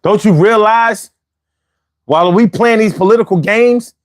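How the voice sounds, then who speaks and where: A man with a high, light voice reads out viewer comments and riffs on them in loose, slangy talk with plenty of swearing. The sound is dry and close, with no room echo around him. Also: unhurried. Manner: slangy, profane, conversational. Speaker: streamer reading viewer comments. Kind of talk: casual commentary.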